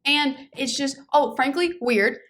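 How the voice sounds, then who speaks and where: A woman's voice: sits high, unhurried, a bit bright. A young woman co-hosting a casual podcast chat, opinionated and emphatic, often restarting her sentences. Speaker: podcast co-host.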